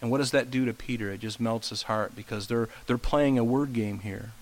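A man's voice: medium pitch, steady tone, a little fast, rough recording. A male pastor preaching a conversational sermon, often asking the congregation questions. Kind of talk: expository sermon.

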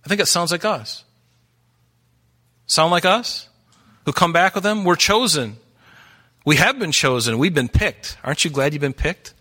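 A man's voice: fairly high pitch, lively intonation, a little slow, long pauses, pushed and bright. A man preaching a sermon as pastor, earnest and urgent, asking the congregation many questions.

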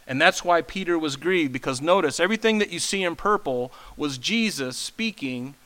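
A man's voice: on the high side, lively intonation, normal speed, a bit bright, rough recording. A man preaching a sermon, explaining in a conversational way with asides to his listeners. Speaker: pastor.

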